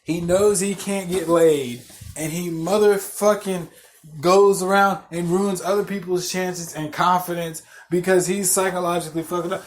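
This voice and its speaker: A man hosting a podcast, telling a story as a profane rant, swearing constantly, repeating himself and getting loud and worked up. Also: high-pitched, moderate pace. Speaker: podcast host.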